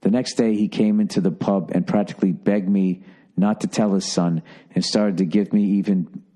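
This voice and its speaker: A man's voice: lowish voice, mellow. A man hosting a podcast, reading listener letters aloud and cutting in with blunt, profane, exasperated asides. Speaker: podcast host.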